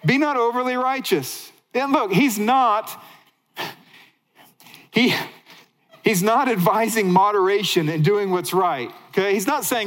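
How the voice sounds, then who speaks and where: A male pastor preaching in a church sanctuary, his somewhat high voice carrying a long reverb. He swings from excited, emphatic bursts to quiet, hushed stretches. His delivery is lively and conversational. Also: moderate pace. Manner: animated preaching, shifting between excited highs and hushed lows. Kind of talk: sermon.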